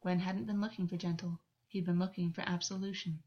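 A woman reading a story aloud as narrator in an even, unhurried way. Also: on the low side. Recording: dull lo-fi recording.

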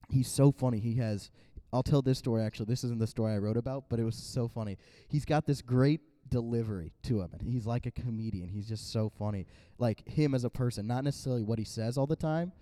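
A man's voice: mid-range voice, a little fast, dark tone, no echo, studio quality. Rambling young man telling stories. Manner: rambling, lots of "like" and restarts. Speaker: podcast co-host. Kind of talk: casual storytelling chat.

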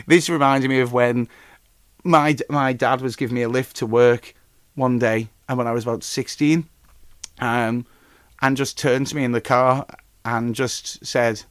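A man hosting a podcast in casual chat, rambling through news and stories, swearing freely and getting loud and animated when telling an anecdote. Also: mid-range voice, dry recording. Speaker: podcast host.

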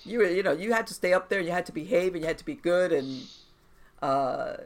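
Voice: medium pitch, fairly quick. A podcast host who explains hauntings in an emphatic way, with many restarts and asides. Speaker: podcast host and paranormal expert. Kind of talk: casual podcast conversation.

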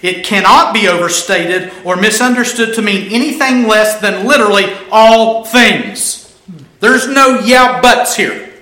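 A man with a high, bright voice preaches a sermon, hammering home and repeating his key phrases. The recording has an echoey room sound. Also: measured pace.

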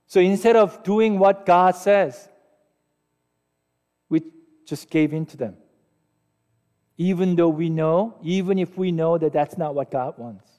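A Korean-accented pastor in his forties preaches with a high, slightly mellow voice. His sermon is conversational and self-deprecating, and he keeps asking the congregation questions, all heard through a long, hall-like reverb.

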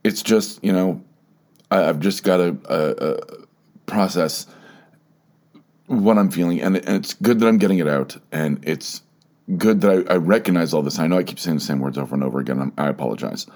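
Low-voiced man, halting and emotional. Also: a little mellow. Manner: halting, repeats words, fillers, openly emotional. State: emotional, close to tears. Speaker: podcast host. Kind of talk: personal solo podcast.

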